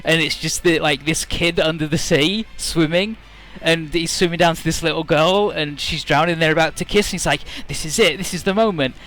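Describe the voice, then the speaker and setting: A man's voice: fairly high pitch, fairly even intonation, brisk, a bit bright. A man commentating on a video game, rambling and swearing casually as he retells a story and acts out the voices. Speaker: let's play commentator.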